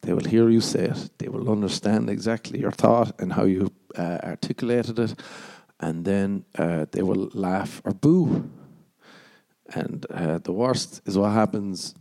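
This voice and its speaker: Gravelly Irish man rambling. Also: on the low side, unhurried, mellow. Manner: rambling, self-deprecating, swears a lot. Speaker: podcast host, stand-up comedian. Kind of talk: rambling casual chat.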